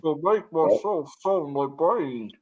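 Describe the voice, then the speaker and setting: A man's voice: fairly high pitch, animated, slow pace, darkish tone, slight background noise, pitched above the performer's own voice, low-quality recording. A man doing a strained Bane villain voice. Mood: demonstrating.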